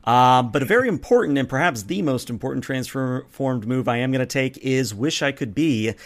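A man of middling pitch talks through his tabletop character in easygoing chat. He rambles, corrects himself and slips in jokes as he goes. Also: animated. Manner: rambling and self-correcting, joking, quick to laugh. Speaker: tabletop game player. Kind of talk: casual chat about building a character.

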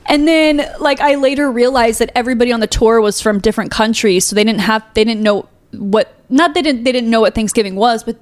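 Chatty young woman with a higher voice. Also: a little fast, few pauses. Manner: chatty, storytelling with many fillers. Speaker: podcast co-host. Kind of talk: casual chat.

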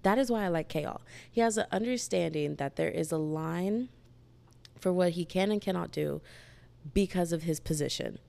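Young woman, book vlogger, casual review chat, chatty and gushing, lowish voice, gravelly. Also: normal speed. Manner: animated, gushing, chatty with lots of "like".

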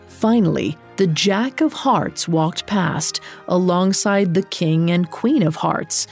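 A woman reading a storybook aloud in a calm, measured, expressive narration. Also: on the low side. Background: soft music.

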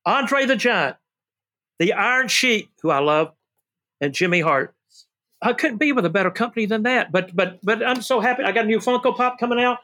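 At a moderate pace, an older former wrestling manager tells stories as an excitable interview guest, his voice bright and high. He keeps shouting "woo" and calls people baby and brother throughout the animated conversation.

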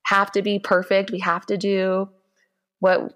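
A woman in her twenties, a podcast guest, telling a story in a chatty, animated way with a gentle voice. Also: medium pitch, a little slow. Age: 20s. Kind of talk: casual chat, storytelling.

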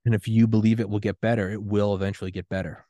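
A man's voice: on the low side, little pitch movement, fast, mellow, dry recording. A man in his thirties hosting a solo podcast rant, profane, defiant and impassioned. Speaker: podcast host.

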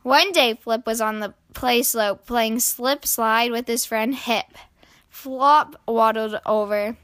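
A woman reads a children's picture book aloud at an unhurried pace, with a bright, slightly high voice. She speaks clearly and gently, as a storytelling host does for small kids. The sound is close and dry. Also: no echo.

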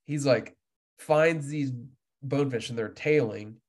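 A man's voice: medium pitch, measured pace. A young man from Indiana, a podcast guest, telling a fishing story in casual chat and acting out what people said. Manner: animated storyteller, laughs often, acts out quotes.

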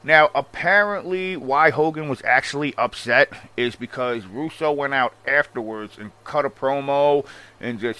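A man ranting casually about wrestling history in a profane, animated and sarcastic manner. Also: medium pitch, measured pace, smooth. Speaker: wrestling commentator. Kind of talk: casual rant.

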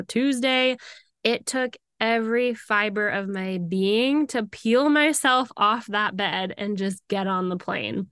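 A young woman tells a personal story in a bright, crisp voice. She is candid and confessional, and she acts out the people she quotes. The sound is dry and close. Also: medium pitch, no room sound. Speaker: podcast host.

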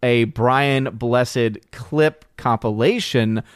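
A man's voice: medium pitch, extremely slow, clear, resonant tone, no room sound, clean studio sound. A man hosting a casual live stream who rambles, repeats himself and laughs often. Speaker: stream host.

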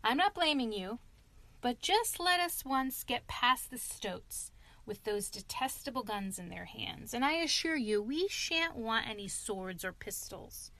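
A woman voicing a gruff, stubborn old male badger in a storybook reading, talking bluntly and emphatically. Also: a little high, animated, unhurried, sharp tone, exaggerated voice. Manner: blustering, emphatic.

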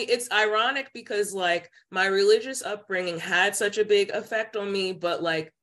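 Chatty woman telling a story. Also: lowish voice. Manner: chatty, many "like" fillers, animated quoting voices. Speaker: podcast guest, psychic intuitive. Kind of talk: casual storytelling chat.

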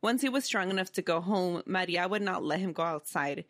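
A woman's voice: lowish voice, animated, fairly quick, a bit bright, dry recording, clean studio sound. A woman co-hosting a chat podcast, telling a story in a casual, chatty way with frequent ums and likes.

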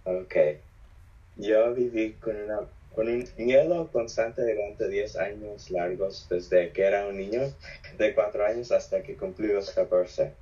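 A raspy-voiced teenage boy chatting casually as a podcast guest, hesitant at times, and reading a book aloud. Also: lowish voice, moderate pace, warm tone, muffled recording. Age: teens.

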